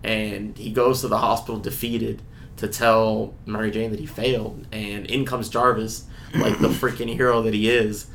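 A young man co-hosting a casual comic book podcast, retelling the plot with lively acted-out lines. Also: lowish voice, moderate pace, gravelly, slight background noise. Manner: animated retelling, acting out characters' lines. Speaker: podcast co-host.

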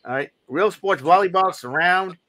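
A sharp-toned, high-pitched man speaks at normal speed as a podcast co-host, chatting casually and rambling with numerous fillers while eagerly presenting a gadget.

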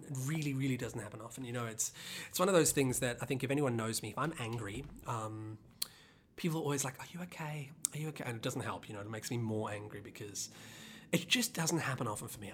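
A singer-songwriter on a podcast tells the backstory of a song in a loose, rambling way, full of fillers and restarts. When the anger comes back, the pitch jumps upward. A little hiss or hum is audible.

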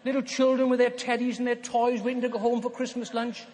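A man's voice: very high voice, flat delivery, darkish tone. Older man preaching in an echoing hall. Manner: earnest, emphatic, with slow dramatic pauses. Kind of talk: sermon. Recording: long hall reverb.

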